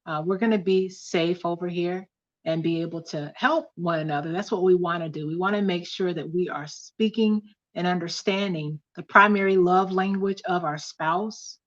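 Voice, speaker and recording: A woman's voice: lowish voice, normal speed, muffled recording. A woman hosting a casual livestream study, teaching and reading aloud from a book, often repeating key points. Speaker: host of a couples study livestream.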